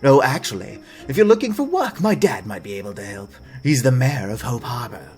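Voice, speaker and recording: A man's voice: medium pitch, very animated, brisk, darkish tone, faint music behind, close to an everyday voice. Brief: earnest mayor's son NPC, lovestruck and eager, as a man puts him on. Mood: gushing. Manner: eager and gushing.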